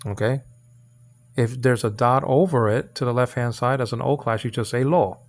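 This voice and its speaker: A man's voice: medium pitch, steady tone, soft background music. A man hosting his own channel and teaching Hebrew letters from the Bible in an informal lesson. He halts, repeats words and checks in with his listeners. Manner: halting, repeats words, many fillers; coaxing checks like "okay?" and "you understand?".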